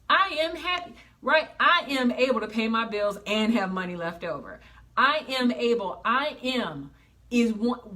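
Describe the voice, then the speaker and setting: A woman's voice: a little high, pushed and bright. A woman giving a motivational talk in a sassy, plain-spoken way, acting out what people say and using slang. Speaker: motivational speaker.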